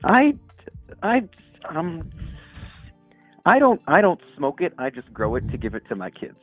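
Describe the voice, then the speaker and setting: A man voicing a timid, soft-spoken devil who calls in, stammering and hesitant, on a dull lo-fi mic. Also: on the low side, fairly even intonation, quick pace, husky, no echo, faint music behind. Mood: sheepish. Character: timid soft-spoken male devil, nervous normal guy. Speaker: caller. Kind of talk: improvised comedy call-in bit.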